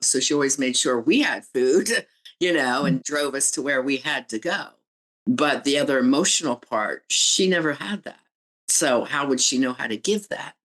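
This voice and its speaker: A woman's voice: very deep voice, a bit bright, rough recording. A woman guest on a podcast, speaking candidly and reflectively about her own family experiences as a relationship coach and author. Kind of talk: podcast interview storytelling.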